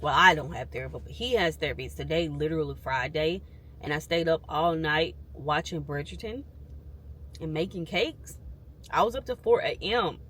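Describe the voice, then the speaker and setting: A woman's voice: low voice, normal speed, a bit bright, slight background noise. A woman, talking candidly and emphatically to viewers from her parked car. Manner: candid venting, frank and emphatic. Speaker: vlogger. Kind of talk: casual vlog chat.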